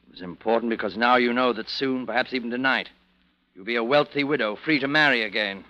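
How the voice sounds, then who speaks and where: A man's voice: medium pitch, fast talker, lightly acted. An actor playing a bitter, sardonic husband who taunts his wife, in 1940s radio acting. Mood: mocking. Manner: cold, mocking, theatrical. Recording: dull old radio recording.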